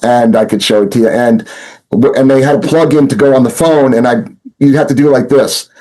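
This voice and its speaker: A man's voice: mid-range voice, fairly quick, dark tone, rough recording. A man telling his story in a casual interview, rambling with many restarts and fillers and acting out what people said. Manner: rambling, full of fillers and restarts, acts out quotes. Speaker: interview guest, former smuggler turned informant.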